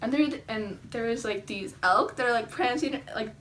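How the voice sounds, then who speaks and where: A young woman vlogging to camera, telling a story in a chatty, excitable way with lots of "like" and dramatic reactions. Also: on the high side, moderate pace, slight background noise. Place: indoors at home, seated.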